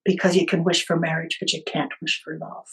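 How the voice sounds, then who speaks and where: A woman's voice: sits low, level tone, fairly quick, fairly bright tone. A woman putting on a grumpy old leprechaun. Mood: scolding. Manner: scolding, folksy turns of phrase.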